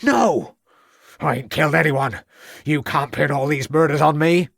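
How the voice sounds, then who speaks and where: A man's voice: a little high, measured pace, vocal fry, fairly bright tone, no echo, studio quality, pitched above the performer's own voice, heavily acted. A man voicing a surly defiant farmer. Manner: defiant, ungrammatical rustic speech. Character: surly aggressive rural male farmer suspect.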